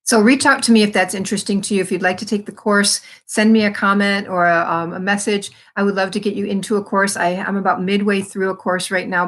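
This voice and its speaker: A woman's voice: on the low side, a bit bright. A woman talking to camera as a wellness coach, friendly and encouraging, speaking straight to her viewers. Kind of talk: casual talk to camera.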